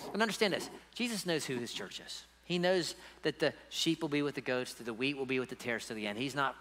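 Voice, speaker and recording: A man's voice: mid-range voice, sharp tone, big-room sound. A man preaching a sermon as pastor, emphatic and conversational, often checking in with the congregation. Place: church sanctuary.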